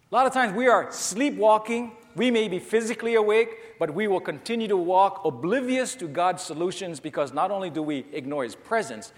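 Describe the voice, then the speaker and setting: Male pastor, slightly high voice, emphatic sermon delivery in a long-reverb church hall. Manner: emphatic, repetitive preaching straight to the listeners. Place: church before a congregation.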